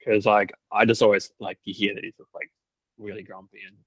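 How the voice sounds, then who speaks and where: A young man chatting casually, telling stories loaded with "like" fillers and quick laughs. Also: lowish voice, flat delivery, dry recording, low-quality recording. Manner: storytelling, lots of "like" fillers, laughs often. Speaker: cricket team videographer. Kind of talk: casual podcast chat.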